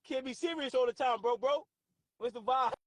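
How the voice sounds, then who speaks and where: A man hosting a casual livestream, laughing often and reacting loudly and profanely to his chat. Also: very high voice, normal speed, a little hiss or hum. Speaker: livestream host.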